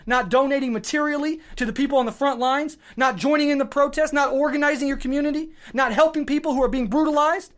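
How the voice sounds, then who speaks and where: A man hosting a podcast launches into a heated political monologue, swearing freely and building his points through rapid, repeated clauses. He sounds raw and worn out from lack of sleep, his emotions barely held in check. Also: very high-pitched, fairly bright tone. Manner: fiery, swearing, emphatic, speaking in repeated short clauses. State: emotionally worked up and short on sleep. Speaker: podcast host.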